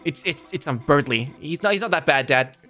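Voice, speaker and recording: A man's voice: expressive, brisk, bright, forceful tone, soft background music. A young man voicing a shy, stammering young reindeer-monster girl. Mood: flustered. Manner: nervous stammering higher voice.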